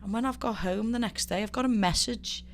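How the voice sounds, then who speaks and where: A woman's voice: mid-range voice, brisk, slight background noise. A woman in her thirties with a Liverpool Scouse accent, telling stories in a casual chat as a guest, swearing freely and acting out quotes. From Liverpool, England. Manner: lively storyteller, swears freely, acts out quotes. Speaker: guest, professional fighter.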